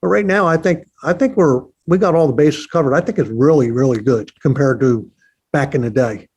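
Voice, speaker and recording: A man's voice: mid-range voice, fairly quick, darkish tone, breathy edge. A man, a target setter, chatting casually and thinking aloud, often repeating words. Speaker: target setter, podcast guest. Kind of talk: casual conversation.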